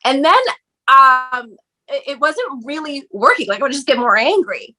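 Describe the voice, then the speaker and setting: A woman talks candidly as a guest on a podcast. Her voice is bright and sits a little high. She tells her story with lively energy, casual swearing and frequent laughs. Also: moderate pace.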